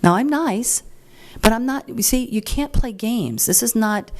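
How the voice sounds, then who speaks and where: A middle-aged woman speaking at a meeting, telling a story in a chatty, frank way and jumping up high when she quotes people. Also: a little slow. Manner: chatty and animated, acts out quoted voices higher; frank and plain-spoken. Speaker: speaker at a political group meeting. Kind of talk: informal talk to an audience, storytelling.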